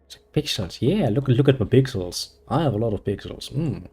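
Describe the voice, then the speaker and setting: A man's voice: medium pitch, expressive, a little fast, creaky, mellow, breathy edge. A man with a German accent giving casual, sarcastic gameplay commentary as a streamer, rambling and swearing freely. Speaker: gaming streamer.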